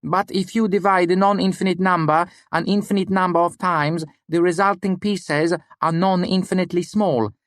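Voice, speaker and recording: A man's voice: high voice, level tone, fairly quick, hardly any pauses, no room sound, clean studio sound, voice pushed up, lightly acted. A man doing a precise student with an odd foreign lilt. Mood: explaining. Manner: careful, reasoning step by step.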